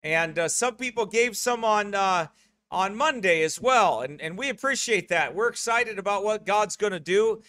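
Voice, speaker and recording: Brief: middle-aged US pastor, high bright voice, dry close sound, chatty and rambling. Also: male voice, expressive, moderate pace, no room sound. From United States. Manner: rambling, joking asides. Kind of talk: church announcements before a sermon.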